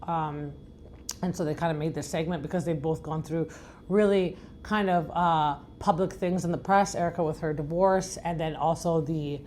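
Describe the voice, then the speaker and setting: A middle-aged woman from Iran with a deep, raspy voice, hosting a podcast in a frank, rambling, chatty way. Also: fairly even intonation, moderate pace, a little mellow, a little hiss or hum. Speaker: podcast host. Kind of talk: casual recap chat.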